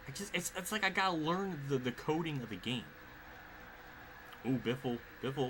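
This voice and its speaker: A man's voice: on the high side, lively intonation, moderate pace, long pauses, background noise. A man streaming a racing game, cursing at the game and muttering under his breath. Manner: frustrated, profane, swearing often at the game. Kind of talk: live gameplay commentary.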